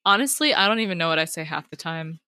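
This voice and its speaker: Young woman, bright forceful voice, chatty book review talk, dry close sound. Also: lowish voice, expressive, quick pace, clean tone, no room sound. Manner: chatty, many "like" fillers, upbeat. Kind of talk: casual book review chat.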